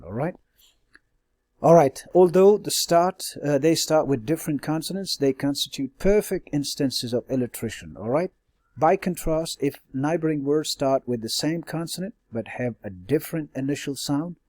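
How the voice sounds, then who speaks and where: With no echo on the recording, a mid-range, slightly mellow male teacher lectures on stylistic devices. He breaks things down step by step, leaning on hesitant fillers, correcting himself, and checking with phrases like "all right?".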